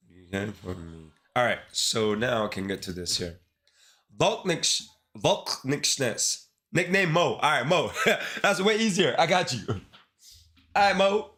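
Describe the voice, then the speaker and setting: A man's voice: medium pitch, sing-song, moderate pace, sharp tone. A man with a Caribbean accent, chatting casually and in slang with viewers during a live coding stream. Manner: laid-back, slangy, talks straight to viewers. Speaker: livestreamer. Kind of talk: casual livestream chat while coding.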